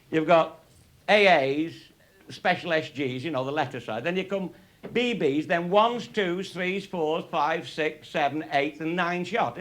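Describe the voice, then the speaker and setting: An older man from England spins crude shooting yarns, swearing freely and breaking into laughter. His voice swings widely and sits a touch high, and the recording carries a clear hiss of noise. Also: a bit bright. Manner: salty, laughing, showing cartridges. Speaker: raconteur. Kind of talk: humorous storytelling to an audience. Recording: noisy live recording.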